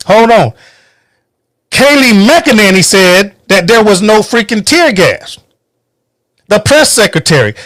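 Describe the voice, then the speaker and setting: Angry high-voiced man ranting, dry sound. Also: fairly bright tone, dry recording. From United States. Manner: heated, profane, emphatic ranting. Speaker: podcast host. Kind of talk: angry political monologue.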